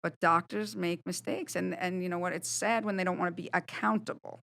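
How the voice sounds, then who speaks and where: A woman's voice: lowish voice, fairly even intonation, fairly quick, creaky, fairly bright tone. A woman, a guest on a studio podcast, speaking bluntly and animatedly about her own experiences, swearing casually. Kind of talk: candid conversational storytelling.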